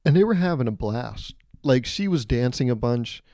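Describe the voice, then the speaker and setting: A man hosting a solo comedy podcast, telling animated, self-mocking stories and laughing mid-sentence. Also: medium pitch, moderate pace, no room sound. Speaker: podcast host.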